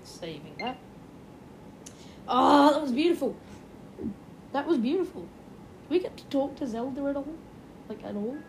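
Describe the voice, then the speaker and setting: A young woman hosting a gaming podcast, giving gushing commentary and repeating her excited exclamations. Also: high-pitched, normal speed, long pauses, a little hiss or hum. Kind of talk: game commentary.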